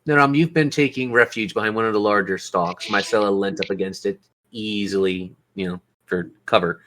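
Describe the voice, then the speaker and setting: A man with a lowish voice runs a tabletop game as its game master. He is lively and encouraging and laughs easily along with his players, prompting each of them for their next move. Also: fairly quick.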